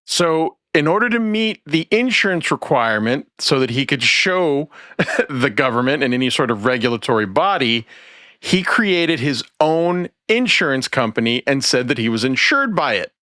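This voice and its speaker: A man hosts a podcast in casual chat, retelling stories animatedly. His voice is bright and swoops widely in pitch, recorded dry and close. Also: normal speed, no echo. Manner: animated storyteller, laughs often. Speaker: podcast host.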